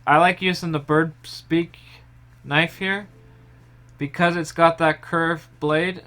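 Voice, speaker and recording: A young man talks through a pie recipe in his home kitchen, his voice smooth and resonant and sitting a little high for a man. His explaining is relaxed and step-by-step, often trailing off softly at the ends of phrases. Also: takes it slowly. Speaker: home baker. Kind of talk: casual cooking tutorial.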